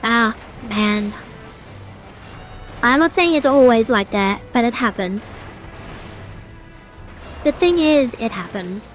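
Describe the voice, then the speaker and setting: Venting through chatty, rambling gameplay commentary, this young female streamer leans heavily on fillers like "like." She speaks slowly with lively intonation and frequent pauses, in a slightly high voice over faint game music.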